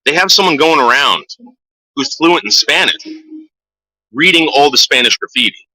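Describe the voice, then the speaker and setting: A man's voice: on the high side, lively intonation, normal speed, sharp tone, no room sound, rough recording. Profane stammering man ranting. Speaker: vlogger. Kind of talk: casual rant.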